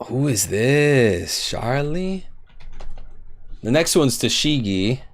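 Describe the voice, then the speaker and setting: A man's voice: mid-range voice, very animated, slow. A young man live-streaming, guessing quiz answers aloud, swearing in frustration and talking to his chat while typing.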